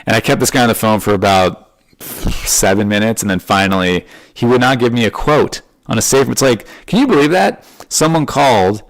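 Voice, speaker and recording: A man in his thirties hosting a podcast, telling rambling, animated stories and acting out what people said. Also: mid-range voice, fairly quick, no echo. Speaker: podcast host. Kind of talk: casual storytelling monologue.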